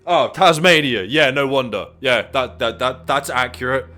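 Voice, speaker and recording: A man's voice: mid-range voice, normal speed, pushed and bright, soft background music. A young man co-hosting a casual comedy chat. He reads animal facts aloud, riffs on them and swears often. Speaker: podcast co-host.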